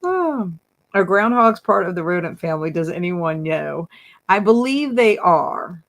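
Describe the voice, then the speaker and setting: A woman's voice: on the low side, very animated, a little slow. A woman hosting a casual livestream, chatting and reading viewer comments aloud, laughing often. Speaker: livestream host.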